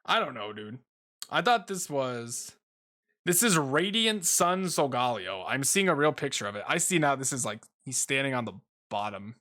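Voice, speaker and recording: Bright-voiced young man rambling casually. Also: medium pitch, very animated, normal speed. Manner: rambling, swears casually, frequent ums and uhs. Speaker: YouTuber ranking Pokemon. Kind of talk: casual commentary while making a tier list.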